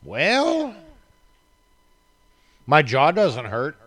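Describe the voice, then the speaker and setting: A man's voice: on the high side, huge pitch swings, drawn-out words, a bit bright. Crude joking man hosting a podcast. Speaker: podcast host. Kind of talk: casual banter.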